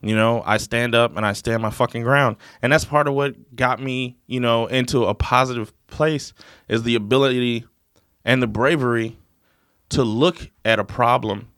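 A man's voice: medium pitch, steady tone, moderate pace, fairly bright tone, no room sound, studio quality. A man in casual conversation, talking bluntly and emphatically with frequent swearing. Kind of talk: casual chat.

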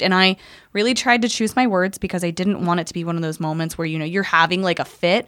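Woman veteran, 30s, candid podcast guest, profane and animated storyteller. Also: fairly low pitch, fast talker.

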